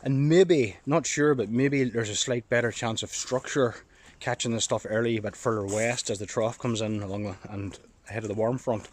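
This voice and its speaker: A Northern Irish man talks to his camera while walking a dog through the countryside, slightly out of breath from the walk. He sounds excited and thinks out loud in loose, rambling sentences. His pitch sits in an ordinary middle range. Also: moderate pace. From Northern Ireland. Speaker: storm chaser vlogger. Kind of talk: casual vlog monologue.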